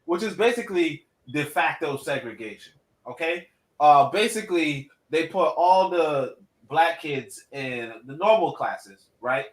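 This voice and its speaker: A man's voice: on the high side, lively intonation, measured pace, rough recording. A middle-aged man co-hosting a podcast, talking animatedly in casual discussion, often repeating words and checking in with "right?". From Caribbean family, Jamaican parents. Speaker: podcast co-host.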